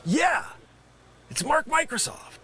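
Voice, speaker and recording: A man playing a brash male scam caller posing as a tech company, yelling insults and swinging from loud to mumbled. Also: extremely high pitch, very animated, slow pace, creaky, crowd noise, full character voice. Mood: pompous. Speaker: comedy sketch performer. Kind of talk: improvised comedy sketch.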